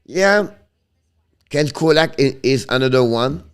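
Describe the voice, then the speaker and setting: A man with a Quebec French accent who hosts a casual live stream about hockey. He answers viewers in a halting way, restarts his sentences often and switches between English and French. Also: mid-range voice, animated, clean tone.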